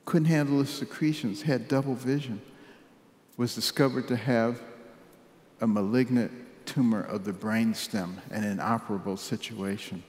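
Older man from Detroit, measured wry storyteller, mid-pitched, echoing hall reverb. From Detroit, United States. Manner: measured, wry, drops softly at serious moments. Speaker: speaker telling his life story. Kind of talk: personal storytelling speech. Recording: echoey hall with long reverb.

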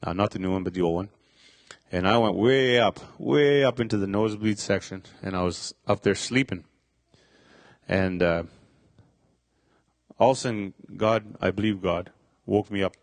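Low-voiced man giving halting testimony. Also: no echo. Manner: halting, many fillers and restarts. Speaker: speaker sharing a testimony. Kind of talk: personal testimony.

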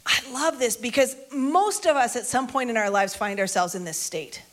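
A woman preacher with a fairly high voice tells a Bible story in an informal, conversational way. She repeats key lines for emphasis and keeps the tone chatty. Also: expressive, normal speed.

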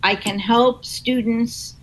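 A woman author answering interview questions in a measured, explanatory way. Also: a little high, steady tone, rough recording. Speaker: author and guest.

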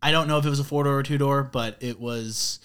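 A man from Florida co-hosting a casual podcast, telling stories in an animated way and getting loud when worked up. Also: mid-range voice, fast talker, clear, resonant tone. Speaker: podcast co-host. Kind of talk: casual chat.

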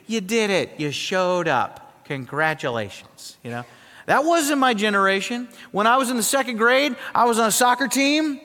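High-voiced preacher in a reverberant hall. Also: male voice, moderate pace. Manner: animated, emphatic preaching with rhetorical questions. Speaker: pastor. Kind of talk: sermon. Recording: long reverb of a large hall.

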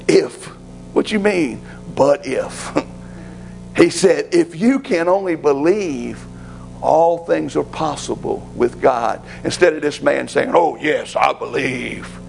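A man's voice: a little high, gravelly, a little mellow, low-quality recording. A man preaching a sermon as pastor, rising to fervent pleading.

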